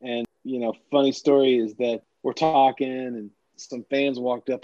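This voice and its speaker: A man who is a sportswriter, telling animated anecdotes with frequent restarts in a casual interview, on a slightly dull recording. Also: medium pitch, unhurried, hardly any pauses, dry recording. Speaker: sportswriter guest.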